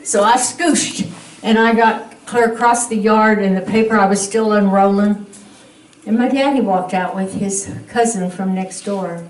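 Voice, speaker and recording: An older woman telling a humorous childhood story in a folksy, animated way at a church gathering. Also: medium pitch, unhurried, slight background noise. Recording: roomy, distant mic.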